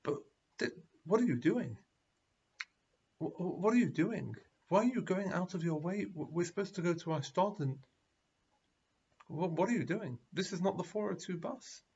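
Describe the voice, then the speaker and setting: A man putting on a baffled old man passenger who stumbles over his words. The voice is a little raised and husky. The recording is dull and lo-fi. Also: sits high, lively intonation, normal speed, darkish tone, pitched above the performer's own voice, heavily acted. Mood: puzzled. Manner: stammering, puzzled.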